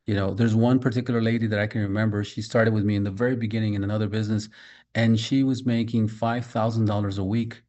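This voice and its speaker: A man's voice: lowish voice, little pitch movement, fast talker, dark tone. A man giving a motivational business training talk, emphatic, repeating key points and speaking straight to his listeners.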